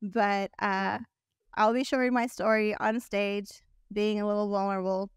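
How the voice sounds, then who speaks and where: A woman's voice: mid-range voice, level tone, normal speed, clear, resonant tone, no echo, clean studio sound. A woman in her forties, a guest on a podcast, telling a personal story in an earnest, chatty way. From Texas. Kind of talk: casual interview.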